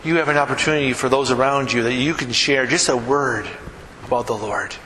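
Animated male preacher in an echoey hall. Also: a little fast, a little hiss or hum. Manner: animated storyteller, voice climbs high when excited. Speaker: pastor. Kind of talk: sermon. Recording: echoey hall with long reverb and faint ambience.

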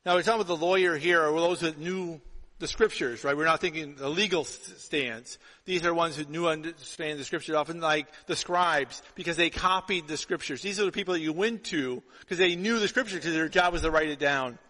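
A male pastor with a high, bright voice preaches in a long, ringing hall reverb. Middle-aged, he tells stories with energy and plays out both sides of each conversation. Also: a little fast. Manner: storytelling, animated with acted-out dialogue. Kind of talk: sermon.

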